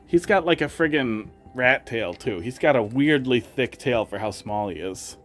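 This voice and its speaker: With faint music playing behind him, a streamer chats casually with his viewers and croons to his cats in a sing-song voice. He has a mid-range, expressive voice, a moderate pace, and a slight Wisconsin accent.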